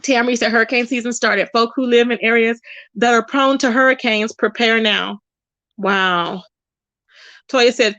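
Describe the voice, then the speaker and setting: A woman's voice: a little high, fairly even intonation, a little slow, bright, forceful tone, no room sound. A woman hosting a casual livestream, talking to viewers and reading their comments aloud. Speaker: livestream host.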